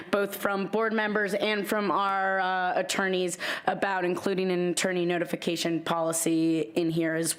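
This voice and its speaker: Earnest woman urging a board. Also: medium pitch. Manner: earnest, pleading. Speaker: public commenter. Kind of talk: public comment at a board meeting.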